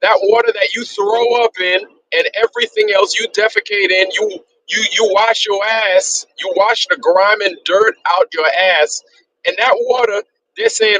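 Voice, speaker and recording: Streamer, male, high bright voice, profane repetitive rant, faint background hiss. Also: steady tone, a little slow, poor audio. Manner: heated, profane, repetitive ranting. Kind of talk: ranting livestream monologue.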